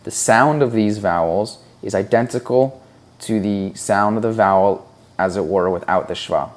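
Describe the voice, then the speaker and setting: A man with a lowish voice teaches a Hebrew reading lesson at a moderate pace. His explanation is slow and deliberate, patiently sounding out syllables one at a time.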